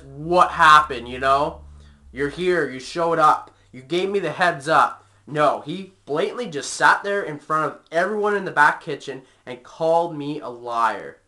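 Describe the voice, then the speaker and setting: A young man vents about his old job in a casual, profane rant, full of "like" and "you know." His voice is bright and edgy, pitched a bit high for a man. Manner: angry, profane storytelling with frequent fillers. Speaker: vlogger.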